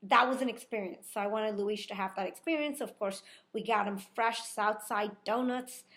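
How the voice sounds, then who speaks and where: A woman vlogger telling a personal story in a casual way, animated and laughing, with many ums and you-knows. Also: medium pitch, normal speed.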